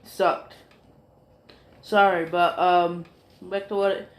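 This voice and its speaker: A man's voice: sits high, steady tone, slow, echoey room. A man narrating a fan story in a rambling, casual way, swearing often and filling gaps with ums and apologies. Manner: rambling, profane, full of fillers and apologies.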